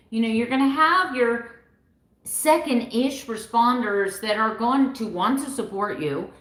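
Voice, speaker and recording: A woman in her fifties speaks straight to her viewers in an open, heartfelt vlog. Her voice sits at an ordinary middle pitch, and she talks with animated swings, sometimes mimicking other people. The room gives her voice a noticeable echo. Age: 50s. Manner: animated, quotes others in varied put-on voices. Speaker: keto vlogger. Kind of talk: heartfelt personal vlog monologue.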